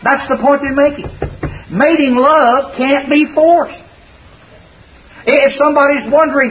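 A man's voice: very high-pitched, normal speed, a little hiss or hum. A man preaching a sermon in a folksy, conversational and earnest way. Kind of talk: expository sermon. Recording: dull distant recording.

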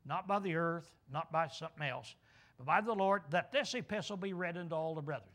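A man's voice: fairly high pitch, fairly quick, fairly bright tone. A man preaching a sermon, asking questions and answering them himself, drawling key words for emphasis.

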